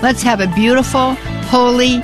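A woman's voice: a little high, steady tone, moderate pace, music in the background. A woman hosting a religious call-in radio show, effusive and gushing with praise.

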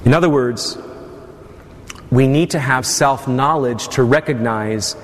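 A man's voice: medium pitch, a little slow. A male priest giving a sermon to his congregation, with teasing asides. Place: church. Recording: long church reverb.

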